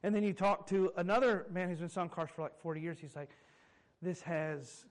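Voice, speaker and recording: A man in his thirties preaches with a high, bright voice. He tells everyday stories in an animated way, laughing at himself as he goes. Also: fast talker, low-quality recording. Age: 30s. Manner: animated storytelling with self-mocking humor and chuckles. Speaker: pastor. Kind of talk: sermon.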